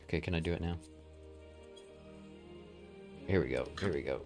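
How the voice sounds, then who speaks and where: A man chatting casually while he plays a video game, laid-back and quick to laugh along. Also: low-pitched, over music. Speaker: streamer. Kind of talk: casual gaming chat.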